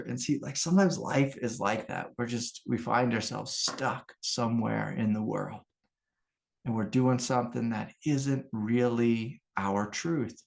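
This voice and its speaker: A man's voice: medium pitch, a little slow, creaky. A middle-aged American man, a meditation teacher, giving an informal, rambling spiritual talk full of anecdotes and fillers. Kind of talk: casual spoken satsang talk.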